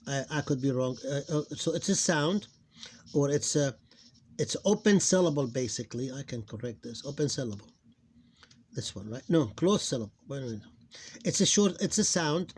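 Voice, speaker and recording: A man's voice: a little high, darkish tone. Self-correcting male phonics teacher. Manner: halting, repeats and corrects himself. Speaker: Arabic teacher. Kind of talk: recorded phonics lesson.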